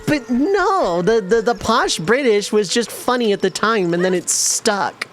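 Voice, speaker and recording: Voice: medium pitch, lively intonation, measured pace. A streamer chatting casually with viewers while playing, rambling and self-amused. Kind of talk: casual live-stream chat while gaming.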